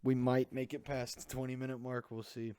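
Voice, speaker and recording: A man's voice: medium pitch, completely flat delivery, brisk, dark tone, clear, resonant tone, no echo, studio quality. A young man hosting a podcast on his own, talking in a rambling, sarcastic way and jumping from one tangent to the next in a small room. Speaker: podcast host. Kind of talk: casual solo podcast rant. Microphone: desk microphone.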